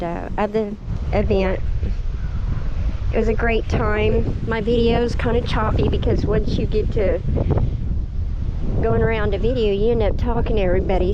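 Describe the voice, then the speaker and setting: A middle-aged woman, telling a story in a casual, chatty vlog, laughing often and getting emotional. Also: medium pitch. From Oklahoma. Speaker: homestead vlogger. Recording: dull lo-fi with faint background noise.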